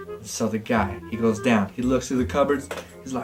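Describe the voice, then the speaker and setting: A man improvising a goofy story in a low-key, deadpan way that breaks into animated bursts. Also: normal speed. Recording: distant mic with guitar music.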